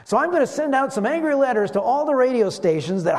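Animated preaching man in a reverberant hall. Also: very high voice. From West Michigan. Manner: animated preaching, slows for emphasis. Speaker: pastor. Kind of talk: sermon.

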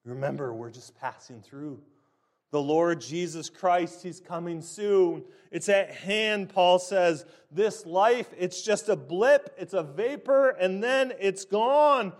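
A man with a notably high voice delivers a sermon, taking his time over each phrase. His preaching is emphatic and deliberate, leaning hard on the key words.

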